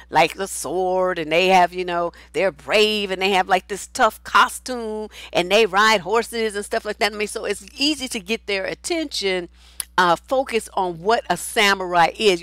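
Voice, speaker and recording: A blunt, outspoken woman speaks as a relationship coach, her talk loose and unscripted as she answers viewer comments. She swears freely and does not soften her opinions. Her voice sits at a middle pitch and sounds close and dry, with no room echo. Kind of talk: casual advice talk, reading viewer comments.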